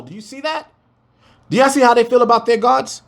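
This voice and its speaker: A man's voice: high-pitched, very animated, normal speed, bright, forceful tone. A man reading scripture verse by verse and breaking it down in emphatic, conversational commentary, talking to his listeners as family. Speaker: Bible teacher. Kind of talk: casual Bible study commentary.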